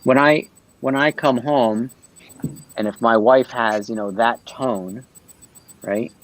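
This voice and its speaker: A man's voice: mid-range voice, rough recording. A man talking earnestly on a livestream panel, explaining his ideas and often checking in with "right?".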